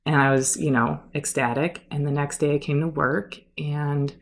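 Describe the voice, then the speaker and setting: A woman's voice: low-pitched, fairly even intonation, moderate pace. A young woman, a podcast guest and yoga teacher, telling a story in a chatty way full of fillers and "like"s. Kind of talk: casual storytelling.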